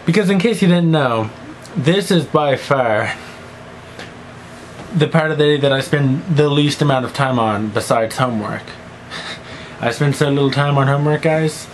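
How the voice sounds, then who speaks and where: A man's voice: mid-range voice, normal speed, long pauses, a little hiss or hum, poor audio. A teenage boy rambling goofily in a one-take vlog monologue, jumping between silly voices and mumbled asides. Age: teens. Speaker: vlogger.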